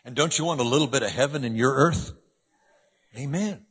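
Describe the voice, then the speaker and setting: A man preaching a sermon in a church, animated, swinging between loud emphasis and hushed asides. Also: mid-range voice, a little fast, breathy edge, in a large hall.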